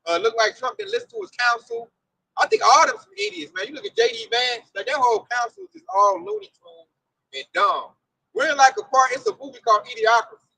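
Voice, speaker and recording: High, gravelly, lively man. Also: a little fast, dry recording, poor audio. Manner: animated storyteller acting out quotes. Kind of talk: casual religious discussion.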